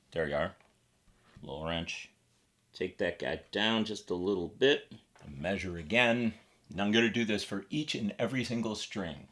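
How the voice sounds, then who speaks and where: A man from the United States talks through a guitar setup in a relaxed, chatty way, explaining each step as he works. His voice sits a little low. Guitar notes ring out now and then behind his speech. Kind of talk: casual tutorial demonstration.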